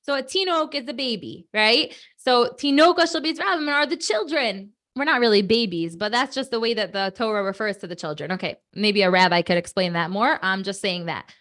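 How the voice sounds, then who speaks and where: A woman in her thirties, hosting a children's prayer program on a video call, chatty and animated with many fillers and asides. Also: mid-range voice, fairly quick, hardly any pauses. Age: 30s. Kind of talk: lively talk to kids on a video call.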